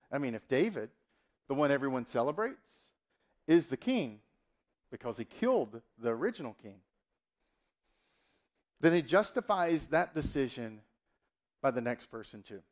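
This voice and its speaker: A male pastor preaching a sermon, addressing listeners directly with rhetorical questions. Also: medium pitch.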